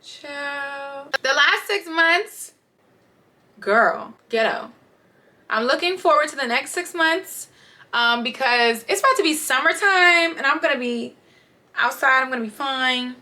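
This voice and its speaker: A woman's voice: high voice, animated, measured pace, pushed and bright. A young woman giving a candid, chatty life update, talking straight to her viewers. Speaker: vlogger. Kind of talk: casual sit-down life update.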